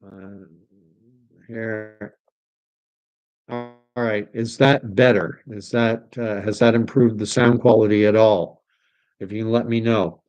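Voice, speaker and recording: A man's voice: on the low side, fairly even intonation, slow, pauses often, darkish tone. Man reading live chat comments. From Canada. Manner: reads viewer comments aloud, hesitant with fillers. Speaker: livestream host.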